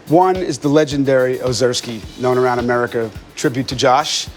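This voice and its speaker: A man's voice: medium pitch, steady tone, brisk, faint music behind. A chef from New York, a man talking in an emphatic, opinionated way. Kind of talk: casual chat.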